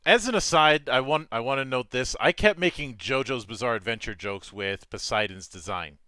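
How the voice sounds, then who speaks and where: A man's voice: medium pitch, moderate pace, sharp tone, clean tone, dry recording. A man in a casual podcast chat, making digressive asides with many restarts.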